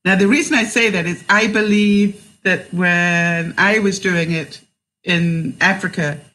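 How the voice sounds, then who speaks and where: A woman's voice: medium pitch, a bit bright, low-quality recording. A woman hosting a casual livestream, chatting in a rambling way, laughing often and reading out viewer comments.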